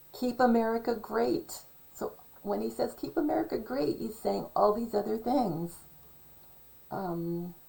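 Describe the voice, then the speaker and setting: A middle-aged woman talking in a rambling, casual monologue, hesitant and full of ums and self-corrections, a little hoarse from losing her voice. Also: mid-range voice, warm tone, poor audio. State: losing her voice, clearing throat. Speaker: channel host.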